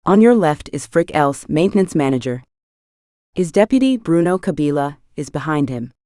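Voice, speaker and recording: A woman's voice: low-pitched, expressive, moderate pace, dark tone, no echo, studio quality. A woman voicing a male manager making formal introductions, in an audiobook. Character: embarrassed male project manager. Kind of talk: audiobook character voice.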